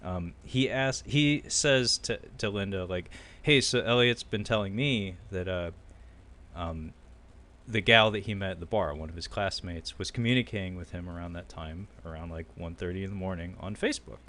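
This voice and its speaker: Low-voiced podcast host recapping a film. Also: male voice, normal speed. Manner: animated storyteller, acting out quotes with loud bursts and laughter. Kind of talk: casual film recap chat.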